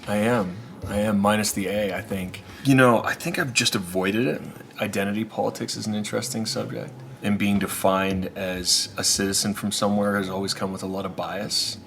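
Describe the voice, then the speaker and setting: A man's voice: on the low side, steady tone, fairly quick, creaky, hardly any pauses, a bit bright, slight background noise. A man from eastern Canada, a guest in a casual interview, with an accent that shifts between places, talking loosely and laughing often. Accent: mixed, shifts between places. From Canada (Maritimes, Nova Scotia).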